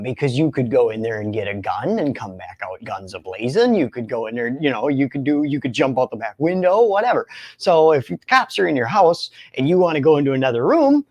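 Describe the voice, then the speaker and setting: A young man in recovery, telling his own story in an animated way, often laughing and acting out other voices. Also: medium pitch. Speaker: recovery speaker. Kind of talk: storytelling talk.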